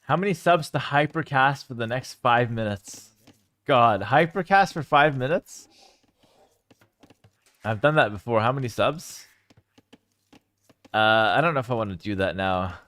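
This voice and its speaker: A young man casting a strategy game live and chatting with his viewers, with sudden bursts of excitement. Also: mid-range voice, measured pace, long pauses, dry recording. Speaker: game streamer and caster. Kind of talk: live game commentary with chat.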